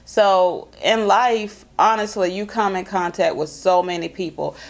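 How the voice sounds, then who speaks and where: A woman's voice: medium pitch, fairly even intonation. A woman, hosting a casual, folksy chat to camera. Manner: chatty, folksy, drawn-out emphasis. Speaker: vlog host.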